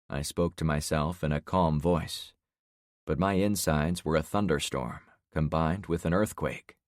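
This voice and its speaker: A man narrating a first-person survival thriller audiobook in a steady, dry storytelling delivery. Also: rumbling low, unhurried, no echo.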